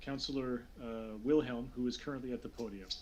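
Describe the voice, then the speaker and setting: A man's voice: mid-range voice, steady tone, brisk, darkish tone, dull audio, slight background noise. A young man running a tabletop game as game master, talking with many fillers and restarts.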